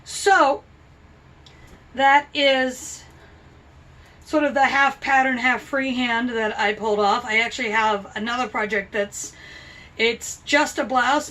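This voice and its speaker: A woman's voice: a little high, steady tone, unhurried, a bit bright, recorded from a distance. A woman vlogging about her crochet project in a chatty, rambling, self-deprecating way. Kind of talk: casual chat.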